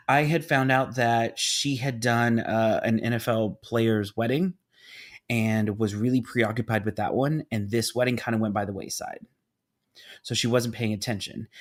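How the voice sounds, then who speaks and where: A man hosting a casual podcast, telling stories with dramatic asides and acted-out voices. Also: medium pitch. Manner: animated storyteller, acts out voices, dramatic asides. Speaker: podcast host, event business owner.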